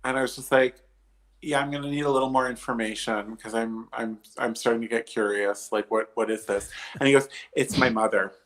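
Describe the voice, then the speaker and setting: A drag performer on a livestream video call, telling a story in an animated, emphatic way and acting out each quoted line. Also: male voice, mid-range voice, brisk. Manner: chatty, emphatic, swears, acts out quoted dialogue.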